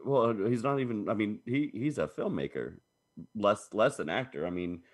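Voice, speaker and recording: A man's voice: lowish voice, animated, normal speed. A man co-hosting a casual podcast chat, swearing and getting exasperated while mostly agreeing. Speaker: podcast co-host.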